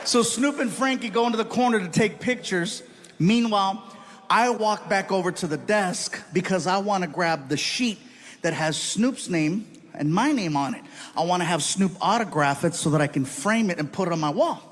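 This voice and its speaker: A man doing live stand-up storytelling, animated, often shouting and laughing at his own lines. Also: high-pitched, normal speed. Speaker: stand-up comedian. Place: comedy stage before an audience. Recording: live show with audience noise.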